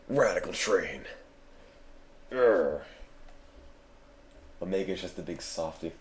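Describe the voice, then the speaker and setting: A man's voice: deep voice, animated, takes it slowly. A man giving let's play commentary during a marathon stream, cracking dry, self-mocking jokes and rambling as he plays.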